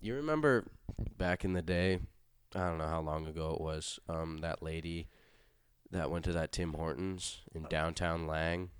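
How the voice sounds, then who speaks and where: A young man chatting casually, telling rambling, profane stories and acting out quotes with loud bursts. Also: deep voice, moderate pace, clean tone, no echo, studio quality. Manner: profane, rambling storytelling with animated acted-out quotes. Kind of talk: casual podcast chat.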